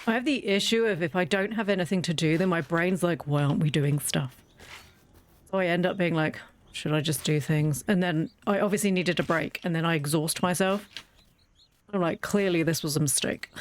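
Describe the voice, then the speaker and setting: A woman's voice: lowish voice, normal speed. A woman chatting through a game, wry and self-mocking, talking fondly to her in-game animals. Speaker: gaming video creator. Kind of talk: casual let's-play commentary.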